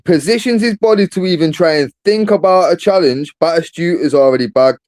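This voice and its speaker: A man holds forth in a casual football debate, pressing his point hard and peppering it with "bro". His voice sits a little high but comes out dark and mellow. The sound is dry and close. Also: brisk, dry recording. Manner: emphatic, argumentative, says bro a lot. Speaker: football podcast host.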